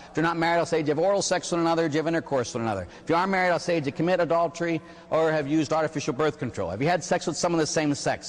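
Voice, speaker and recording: A middle-aged priest from the Pittsburgh area giving a homily on confession, telling stories and acting out penitents with a rhetorical "huh?". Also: male voice, mid-range voice, in a large hall. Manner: animated storytelling, acts out penitents and God with rhetorical "huh?".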